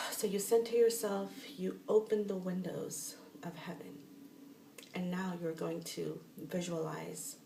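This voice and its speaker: A woman's voice: on the low side, darkish tone. A woman talking through a spiritual practice in a casual, rambling way, often restarting her sentences. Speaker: spiritual teacher. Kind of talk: casual guided instruction. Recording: roomy echo, mic at a distance, faint noise.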